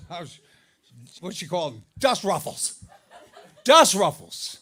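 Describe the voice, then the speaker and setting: A middle-aged man doing a stand-up comedy set, telling stories about his marriage, his voice jumping up high for the punchlines. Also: a little slow, long pauses. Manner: animated storytelling, voice jumps up for punchlines. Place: live comedy venue with audience laughter.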